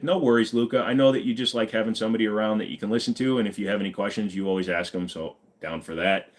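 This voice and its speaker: A man hosting a casual live stream, reading viewer comments aloud and answering in a relaxed, rambling way full of fillers. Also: on the low side. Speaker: livestream host. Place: back of a van.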